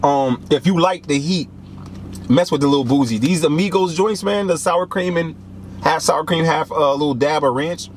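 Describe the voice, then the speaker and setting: A young man hosting a casual snack taste-test vlog, animated and joking, with lots of slang. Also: on the high side, moderate pace, slight background noise. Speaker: snack reviewer.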